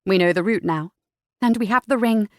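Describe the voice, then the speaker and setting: A woman voicing a steady, protective young English gentleman who speaks low and tersely. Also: moderate pace, no echo, studio quality, lightly acted. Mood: calm.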